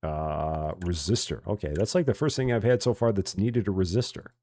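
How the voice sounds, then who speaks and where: A man's voice: low voice, normal speed. A man from Chicago with a general Midwestern accent, chatting casually and rambling while live-streaming a game. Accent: general Midwestern American. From Chicago, USA. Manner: relaxed, chatty, self-mocking, rambling with restarts. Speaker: gaming streamer.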